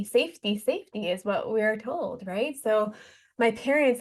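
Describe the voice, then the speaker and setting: A woman's voice: medium pitch, a little mellow. A woman speaking as a podcast guest, a life coach telling her own story in an earnest, heartfelt way. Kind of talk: casual interview talk.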